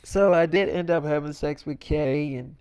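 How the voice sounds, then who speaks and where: A man's voice: on the high side, moderate pace, a little mellow, clean tone, dry recording, clean studio sound. A man telling an improvised role-play story in a rambling way, full of filler words. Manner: rambling, full of "like" and "you know".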